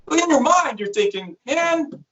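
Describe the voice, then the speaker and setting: The audio is dull, but the speaker comes through clearly as a high-pitched, middle-aged sales rep talking at a moderate pace. He's in a casual storytelling interview, explaining products and animatedly performing the voices he quotes.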